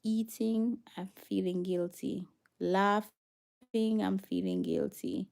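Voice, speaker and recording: A woman's voice: medium pitch, very animated, takes it slowly, creaky, a little mellow. A Jamaican woman hosting a casual livestream, chatting with viewers and slipping into patois. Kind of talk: casual livestream chat, reading viewer comments.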